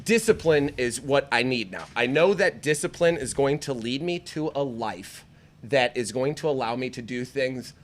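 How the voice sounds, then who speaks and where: A man's voice: medium pitch, moderate pace. A man from the American Midwest co-hosting a casual podcast, swearing a lot and laughing often as he talks. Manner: profane, excitable, laughs often. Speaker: podcast co-host. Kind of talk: casual chat.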